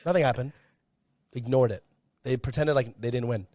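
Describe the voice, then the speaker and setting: A young man being interviewed, telling a story in a lively, casual way and acting out the voices of the people in it. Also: medium pitch, moderate pace, no room sound, studio quality. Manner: animated, acts out quoted dialogue. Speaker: guest, content creator.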